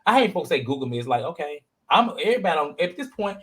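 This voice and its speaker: A man hosting a reality-TV recap with a slightly high-set voice. He talks in loose, slangy bursts and rambles through his points with plenty of fillers. The tone stays casual and conversational. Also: sing-song, fast, fairly bright tone. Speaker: podcast host. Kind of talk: casual reality-TV review chat.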